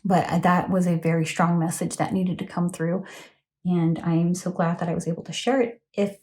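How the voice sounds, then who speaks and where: A woman's voice: fairly low pitch, little pitch movement, moderate pace, darkish tone. A woman giving a casual, earnest tarot reading to a phone camera, talking in a chatty way with frequent ums and a checking "okay?". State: emotional, close to tears. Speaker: tarot reader.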